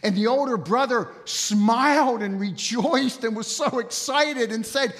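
A man preaching an expository sermon, telling the story with animated energy and rhetorical questions. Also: very high voice, measured pace, hardly any pauses. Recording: long hall reverb.

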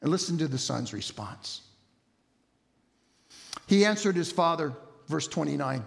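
Lively high-pitched male preacher in a hall. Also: moderate pace, creaky. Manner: animated storytelling, rhetorical questions. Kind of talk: expository sermon. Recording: long hall reverb.

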